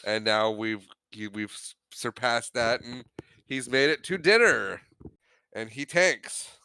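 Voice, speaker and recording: A man's voice: mid-range voice, slow, pushed and bright, clean tone, no room sound. A man co-hosting a podcast, casually recapping a movie scene by scene and acting out the characters' lines. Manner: retells scenes acting out quotes. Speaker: podcast co-host.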